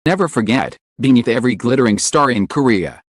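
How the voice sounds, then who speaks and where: Male narrator, dramatic script read with wide pitch swings, dry close sound. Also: lively intonation, a little fast, no echo. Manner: solemn, lingering emotional phrasing. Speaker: channel narrator.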